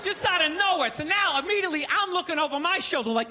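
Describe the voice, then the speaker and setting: A man doing a stand-up routine on a comedy stage, ranting and incredulous, bursting into shouts. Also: very high-pitched, expressive, fast talker, hardly any pauses, very noisy. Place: comedy stage before a live audience.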